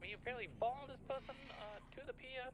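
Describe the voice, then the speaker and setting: A woman reporting a suspect over police radio in a quick, hurried way. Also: a little high, over a noisy crowd.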